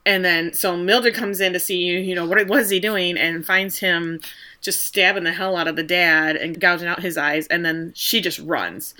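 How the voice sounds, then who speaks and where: Bright-voiced woman recapping a show. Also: on the low side, normal speed. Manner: lively storyteller, acts out quoted characters. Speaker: podcast co-host. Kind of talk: casual TV recap chat.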